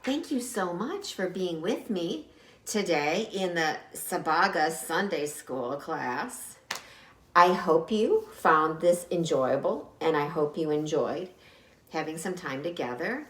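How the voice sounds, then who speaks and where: A woman teaching an online Sunday school lesson, speaking gently and simply to young children, recorded on a home camera. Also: on the low side, expressive, takes it slowly, a little hiss or hum. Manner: gentle, encouraging, talks simply to young kids. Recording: roomy echo.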